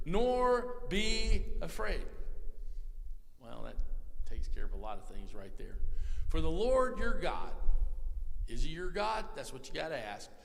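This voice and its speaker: A man preaching a live sermon in a folksy way, talking straight to the congregation and swinging from hushed to loud. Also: on the high side, creaky. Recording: long hall reverb.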